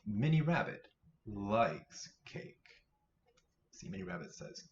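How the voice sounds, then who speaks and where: A man hosting a children's storytime, reading picture books aloud in an animated, playful way. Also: fairly low pitch, slow, slight background noise. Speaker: children's librarian, storytime host. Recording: roomy, slightly dull sound.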